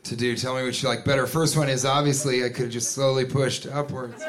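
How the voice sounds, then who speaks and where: A man doing a stand-up comedy set on a club stage, animated storytelling that bursts into shouted bits. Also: mid-range voice, fairly quick. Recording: live club recording with crowd laughter and noise. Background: audience laughter.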